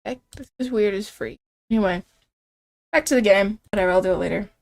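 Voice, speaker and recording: A woman's voice: mid-range voice, a little fast. A woman streaming a game, reading its lines and reacting in a casual, self-mocking way. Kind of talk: game commentary reading dialogue.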